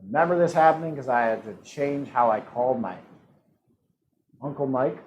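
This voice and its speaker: A man's voice: mid-range voice, animated, dull audio, slight background noise. Upbeat man hosting live trivia. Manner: upbeat, joking asides and quick laughs. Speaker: trivia host.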